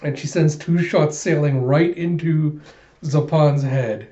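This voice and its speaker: A man's voice: a little high, fairly even intonation, takes it slowly, mellow, reverberant, dull audio. Eager man retelling a comic. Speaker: host reading a comic aloud. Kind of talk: excited comic readthrough.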